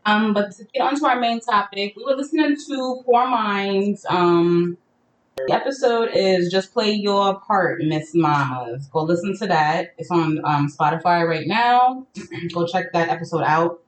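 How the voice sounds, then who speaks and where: A woman's voice: medium pitch, a little slow, a little hiss or hum. Casual New York woman, echoey room. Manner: loose, filler-heavy, profane. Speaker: podcast host. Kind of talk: casual podcast chat. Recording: echoey room, mic at a distance.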